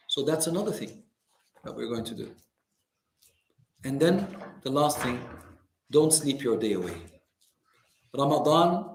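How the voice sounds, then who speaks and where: A man teaching a religious class in a community centre, lively and teasing, mimicking complainers. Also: a little high. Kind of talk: lecture to a class. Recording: echoey hall.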